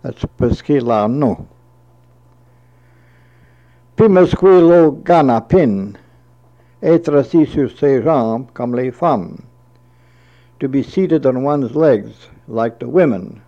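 A man slowly reading through a word list, giving each entry and its translation, sometimes repeating a word. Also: medium pitch. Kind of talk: slow dictionary reading with translations. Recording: dull lo-fi recording.

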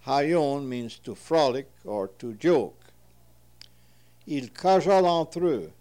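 A man slowly reading entries from an old dictionary aloud and translating them, pausing between each term. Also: fairly high pitch, warm tone. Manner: measured, deliberate, pauses between terms. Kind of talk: slow reading of word lists with translations.

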